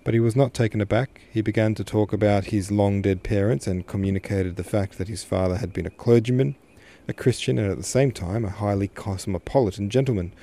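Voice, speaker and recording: A man reading a classic novel aloud as a podcast host, steady and unhurried. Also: fairly low pitch. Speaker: podcast host, literature reader. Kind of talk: audiobook narration.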